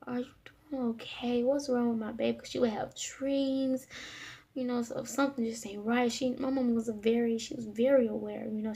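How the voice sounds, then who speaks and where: A woman with a somewhat high voice and a lot of gravelly fry tells a personal story straight to camera. She talks haltingly, filling pauses and restarting her sentences. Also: warm tone. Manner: halting, with frequent fillers and restarts. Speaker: vlogger.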